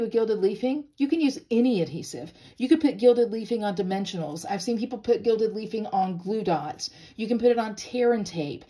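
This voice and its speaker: Bubbly, lively-voiced woman crafting host. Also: mid-range voice. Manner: playful, bubbly, self-deprecating. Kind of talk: casual craft demonstration.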